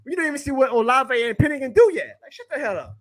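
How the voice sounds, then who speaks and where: Fired-up, high-voiced ranting man. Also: very animated, quick pace, a bit bright. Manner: fired-up ranting, profane, laughs often. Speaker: podcast host. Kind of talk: live stream sports talk.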